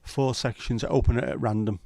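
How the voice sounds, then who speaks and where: Guy hosting a chill pub-style livestream, mid-pitched voice, teasing jokey banter, dead dry sound. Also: steady tone, normal speed, gravelly, dark tone, dry recording. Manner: joking, teasing banter with viewers. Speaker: livestream host. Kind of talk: casual livestream chat.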